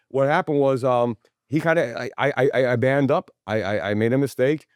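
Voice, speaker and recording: A man hosting a casual podcast chat, telling stories in a hyped, profane, energetic way. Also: medium pitch, moderate pace, no echo, studio quality. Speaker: podcast host.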